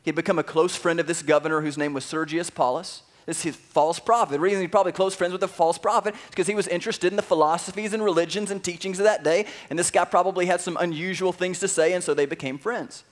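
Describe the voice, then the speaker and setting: High-voiced animated male preacher. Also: fast, few pauses. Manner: casual, animated storytelling with slang. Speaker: pastor. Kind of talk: sermon.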